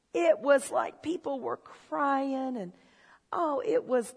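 A woman preaching a sermon in a church, telling stories and swinging from low, confiding talk to shouted excitement. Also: gravelly, husky. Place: church hall. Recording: long hall reverb.

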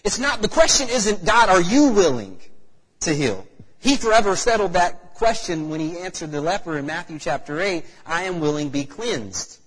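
A male preacher delivers a sermon in a church hall, asking the congregation question after question. His pitch sits a little high and swings widely. The voice is husky, and it rings out with long reverb across the hall. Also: normal speed. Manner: animated, rhetorical questions to the congregation.

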